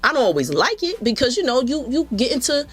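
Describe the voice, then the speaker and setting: A woman guest in a casual interview, telling stories in an animated way and acting out quotes. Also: high-pitched, fast, breathy edge, soft background music. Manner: animated, acts out quotes with lots of "yo". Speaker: interview guest, film director and photographer.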